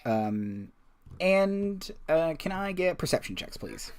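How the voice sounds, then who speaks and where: A man running a tabletop game as dungeon master, narrating hesitantly with many pauses and fillers. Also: a little high, sing-song. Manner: hesitant, many ums and uhs, laughs often.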